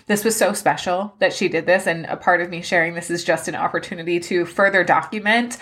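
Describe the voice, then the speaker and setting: Heartfelt, low-voiced woman podcast host. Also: fairly even intonation, a little fast, a bit bright. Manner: heartfelt, openly emotional; rambling, with many "like" fillers. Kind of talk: personal life-update podcast monologue.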